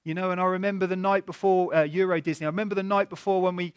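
Man, sermon, high voice, chatty rhetorical questions, lively storytelling. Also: racing, clear, resonant tone, dull audio. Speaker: preacher.

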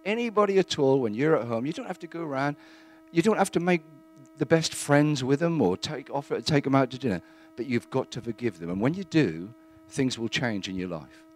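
A man giving a plain-spoken, earnest testimony in church, halting now and then with fillers. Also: mid-range voice, lively intonation, a little hiss or hum.

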